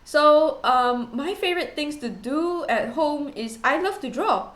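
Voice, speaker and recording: A young woman streamer chatting casually with her viewers, rambling and giggly and quick to poke fun at herself. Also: sits high, animated, fairly bright tone. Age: young adult. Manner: rambling, giggly, self-deprecating. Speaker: VTuber streamer. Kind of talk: casual chat. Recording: roomy echo.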